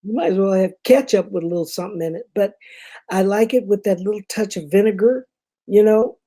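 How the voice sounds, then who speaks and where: A woman's voice: mid-range voice, brisk, mellow. An older woman with a Memphis Southern accent, a guest telling rambling stories in casual conversation. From Memphis, Tennessee. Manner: chatty storyteller, many fillers and asides. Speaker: guest, performer.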